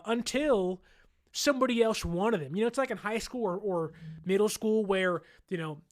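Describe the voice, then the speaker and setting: A man hosting a sports podcast, talking casually and laughing often, sometimes mimicking fans in exaggerated voices. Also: high voice. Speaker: podcast host.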